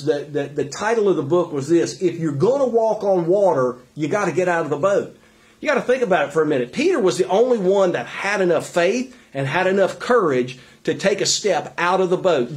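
Earnest man preaching, higher voice. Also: a little mellow. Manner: earnest, conversational preaching with many fillers and restarts. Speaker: pastor. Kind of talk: sermon.

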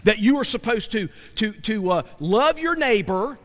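A male pastor delivers a sermon in a church sanctuary, his voice high and bright. He repeats phrases and fires rhetorical questions at the congregation. The sound carries a long hall reverb. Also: expressive, moderate pace. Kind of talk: sermon with opening prayer.

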